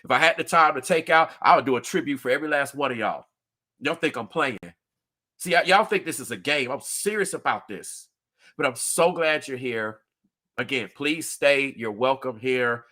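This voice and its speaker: At medium pitch and a moderate pace, a man delivers livestream commentary in a pushed, bright voice. He speaks to his audience directly, earnestly and emphatically, with frequent repetition.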